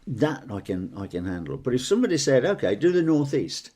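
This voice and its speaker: A man's voice: medium pitch, very animated, a little fast, a little mellow, breathy edge. A middle-aged man co-hosting a casual chat, talking in a rambling, friendly way. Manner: rambling, chatty, fond of accents. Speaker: podcast co-host.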